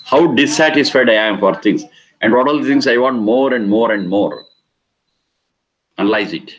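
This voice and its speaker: A man's voice: medium pitch, normal speed, low-quality recording. A middle-aged man giving a spiritual discourse, stressing and repeating key words and explaining Sanskrit terms. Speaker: Vedic teacher.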